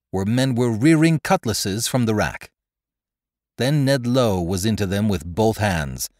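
A man narrating an adventure story in a dramatic, expressive reading. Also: fairly low pitch, dry recording, studio quality. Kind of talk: audiobook narration.

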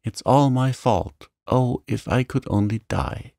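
Man doing anguished young woman, wild pleading, raised pitch, unhurried. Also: vocal fry, darkish tone, dry recording, studio quality. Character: distraught young woman full of remorse.

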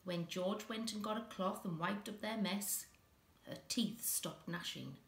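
A woman reading a children's story aloud with an expressive, dramatic delivery, in an echoey room. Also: mid-range voice, a little slow, gravelly.

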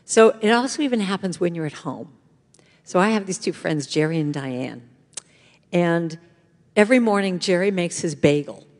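A woman's voice: on the low side, moderate pace. Woman giving an uplifting church talk. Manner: animated storytelling with call-and-response. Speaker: guest speaker. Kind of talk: inspirational talk to a congregation. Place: church sanctuary. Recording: long hall reverb.

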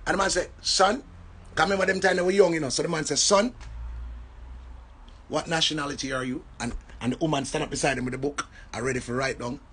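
A man from Jamaica with a Jamaican accent, telling an animated story in casual patois. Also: on the high side, very fast, few pauses, breathy edge. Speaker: entertainer.

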